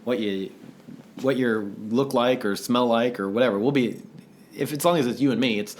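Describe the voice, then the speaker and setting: A man co-hosting a casual podcast, telling stories with lots of laughter. He's animated, and when he quotes people, he acts out their voices. His pitch sits in the middle of the range. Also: normal speed, slight background noise. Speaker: podcast co-host. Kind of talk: casual storytelling chat.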